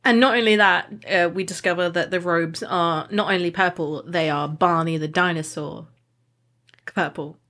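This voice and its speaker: A woman's voice: fairly low pitch, fairly even intonation, normal speed, fairly bright tone. Giggly woman co-hosting a podcast. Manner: giggly, joking, laughs often. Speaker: podcast co-host. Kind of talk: casual book chat.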